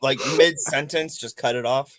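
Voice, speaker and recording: A man's voice: mid-range voice, normal speed. A man on a livestream panel, asking blunt, pointed questions and joking around. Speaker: panel guest. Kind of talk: casual livestream chat.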